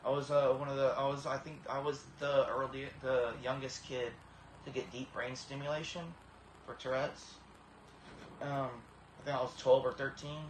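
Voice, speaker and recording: Earnest halting man, echoey room. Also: mid-range voice, level tone. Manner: halting, many repeated starts, earnest. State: tearful, emotional. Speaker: vlogger. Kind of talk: emotional personal testimony. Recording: echoey room with faint background hiss.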